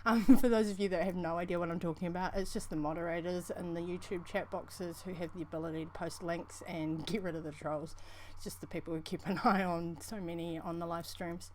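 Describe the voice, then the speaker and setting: A woman's voice: lowish voice, steady tone, fairly quick, a little mellow, a little hiss or hum. A woman with a New Zealand accent co-hosting a casual livestream, rambling chattily and calling viewers honey. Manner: rambling, chatty, calls people honey, laughs often. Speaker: livestream co-host.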